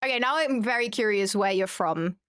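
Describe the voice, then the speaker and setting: A woman's voice: medium pitch, expressive, brisk, fairly bright tone, clear, resonant tone, no echo, studio quality. A young German woman streaming a game, chatting casually and joking at her own expense as she reads viewer comments. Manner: chatty and self-mocking, reads chat aloud. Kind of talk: casual chat while gaming.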